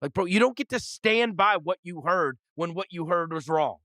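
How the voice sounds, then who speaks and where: A man's voice: sits high, lively intonation, moderate pace, bright, forceful tone, dry recording. A man co-hosting a sports podcast, talking casually and hammering home his point with slang and repetition. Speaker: podcast co-host.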